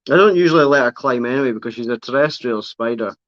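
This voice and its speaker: A man's voice: mid-range voice, fast, fairly bright tone, dry recording. Chatty man, dull lo-fi sound. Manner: chatty, fond baby talk to his spider. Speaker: livestream host showing pet reptiles and spiders. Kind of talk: casual livestream chat. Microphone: camera on a tripod, close by.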